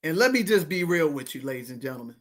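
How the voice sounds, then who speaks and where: A woman's voice: low-pitched, sing-song, fast. A woman in her fifties hosting a podcast, telling a story dramatically and calling out to the audience. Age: 50s. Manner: dramatic, addresses listeners as ladies and gentlemen. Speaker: show host.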